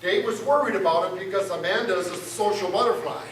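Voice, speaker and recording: A man's voice: high voice, quick pace, fairly bright tone, a little hiss or hum. A man preaching a sermon to his congregation, conversational and joking with them. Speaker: pastor. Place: church sanctuary. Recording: roomy church sound from a distance. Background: guitar music.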